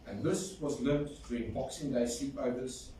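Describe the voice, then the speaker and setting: At a funeral in a big reverberant hall, a man with a mid-range voice and moderate pace offers an affectionate eulogy full of stories, breaking into a folk song. The recording is distant and echoey, with a little noise.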